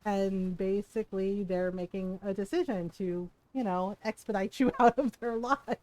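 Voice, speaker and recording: A woman's voice: mid-range voice, steady tone, moderate pace, darkish tone, poor audio. A woman streamer telling stories in a casual chat while she games, blunt and profane, laughing as she goes. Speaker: game streamer. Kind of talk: casual storytelling while gaming.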